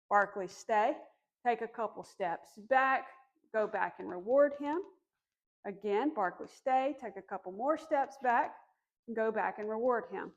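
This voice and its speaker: A woman dog trainer calmly explaining commands during a demonstration, encouraging and firm on cues. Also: fairly high pitch. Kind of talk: instructional demonstration.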